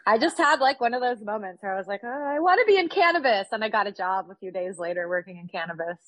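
A woman's voice: medium pitch, steady tone, quick pace, a bit bright, no echo, rough recording. A woman in her thirties from California, chatting upbeat and casually as a podcast guest, with lots of fillers. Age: 30s.

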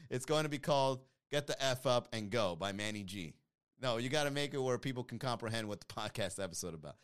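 A man's voice: mid-range voice, a little fast. A man hosting a podcast live stream, chatting casually with viewers and reading comments in a joking, mocking way. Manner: animated, joking, mocking with playful put-on voices.

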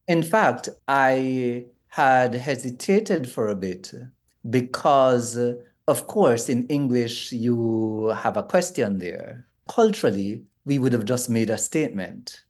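A man with a Jamaican accent, a linguistics lecturer being interviewed remotely, explaining in a measured way. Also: mid-range voice, lively intonation.

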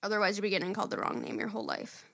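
A woman co-hosting a podcast in casual chat, excitable, laughing a lot and swearing freely. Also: mid-range voice, very fast, gravelly, no room sound, studio quality. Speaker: podcast co-host.

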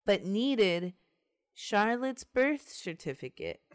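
A woman's voice: mid-range voice, slow pace. Laughing woman telling a true-crime story. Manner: laughs often, swears, animated retelling. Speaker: podcast host telling the case.

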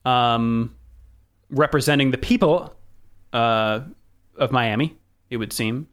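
A man co-hosting a casual podcast, relaxed and wry with short reactions. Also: mid-range voice, slow. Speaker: podcast co-host. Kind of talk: casual chat.

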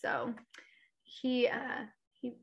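A woman's voice: a little high, lively intonation, drawn-out words, gravelly, fairly bright tone, lo-fi sound. A woman co-hosting a true crime podcast, telling the story in casual chat with frequent laughs and trailing off. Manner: giggly, chatty, trailing off. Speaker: podcast co-host.

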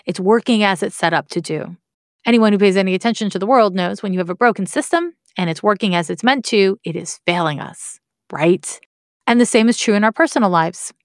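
A woman's voice: mid-range voice, brisk, no echo, clean studio sound. A woman explaining astrology in a casual, candid way, swearing now and then and making wry asides. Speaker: astrology teacher.

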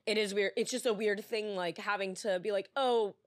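A woman's voice: mid-range voice, fairly even intonation, normal speed, dry recording. A young woman co-hosting a podcast, rambling in casual chat with lots of restarts, close to tears. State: tearful, on the edge of crying. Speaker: podcast co-host. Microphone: podcast studio mic.

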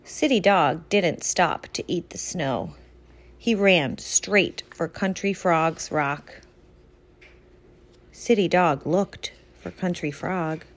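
Slow, gentle woman reading a storybook. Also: fairly low pitch. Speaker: reader to a child. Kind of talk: storybook read-aloud.

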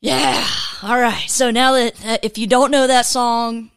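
A woman hosting a faith podcast in a casual, chatty way, with a fairly high, smooth and resonant voice. She talks in an upbeat rush, rambles, and restarts her sentences a lot. It sounds like relaxed solo talk to listeners. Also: measured pace. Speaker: podcast host.

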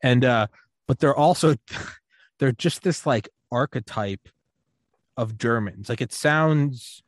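A man in casual podcast chat, rambling through a story with plenty of fillers and laughter. His voice sits at an ordinary middle pitch. The sound is dry and close, with no room around it. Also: slow, no echo. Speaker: podcast co-host.

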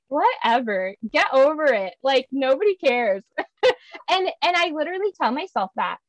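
Chatty woman, laughing and animated. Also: sits high, normal speed, dry recording, low-quality recording. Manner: chatty, laughs often, acts out her own voice in quotes. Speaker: podcast guest. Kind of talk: casual podcast chat.

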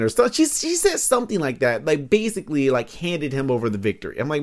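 A man's voice: a little high, big pitch swings, quick pace, a little mellow. A man hosting a solo podcast in a casual, rambling way, laughing often, with lots of fillers and swearing, recorded on a studio microphone. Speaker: podcast host.

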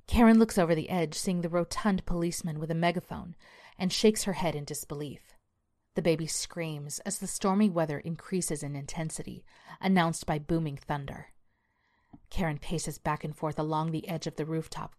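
A woman narrating a dark story with a measured, suspenseful delivery. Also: low-pitched.

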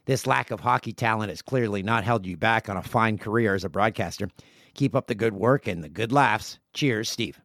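A man's voice: fairly low pitch, moderate pace, a bit bright, no room sound, clean studio sound. A man in his forties hosting a casual solo podcast, reading listener emails aloud with jokey asides. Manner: chatty, jokey asides while reading mail. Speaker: podcast host.

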